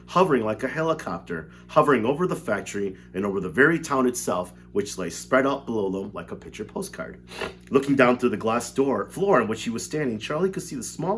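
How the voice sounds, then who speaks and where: A man's voice: on the low side, a little hiss or hum. A male teacher reading a novel aloud to his class from home, then chatting casually about homework. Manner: animated reading, relaxed chatty asides with fillers.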